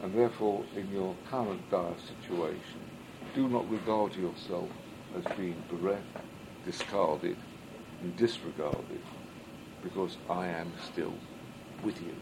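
A rabbi with a low voice teaches a Midrash lesson at a measured pace, with background noise audible. He reads Hebrew, translates it, and poses rhetorical questions he then answers himself.

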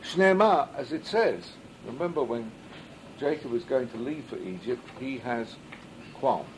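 A man's voice: mid-range voice, lively intonation, measured pace, slight background noise, low-quality recording. A man teaching a Midrash class as a rabbi, reading Hebrew and then translating it, and asking rhetorical questions that he answers himself. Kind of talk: Midrash study lesson.

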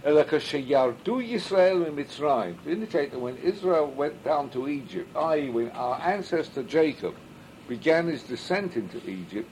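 A man's voice: on the high side, lively intonation, fairly quick, a little mellow, a little hiss or hum, low-quality recording. A man teaching a Midrash class as a rabbi, reading Hebrew and then translating it, and asking rhetorical questions that he answers himself. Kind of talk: Midrash study lesson.

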